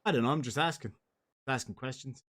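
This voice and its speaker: A man's voice: mid-range voice, a little fast, fairly bright tone. An Irish man hosting a casual livestream chat, joking and teasing his co-host. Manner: joking, teasing, dares and goads. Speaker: streamer host.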